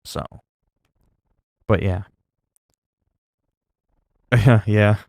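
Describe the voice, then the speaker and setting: Rambling, low-voiced male streamer. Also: fairly even intonation, extremely slow, gravelly, no echo, clean studio sound. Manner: rambling, with many fillers and self-corrections; gets loud and higher when reacting in disgust. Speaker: livestreamer. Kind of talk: casual chat to a stream audience.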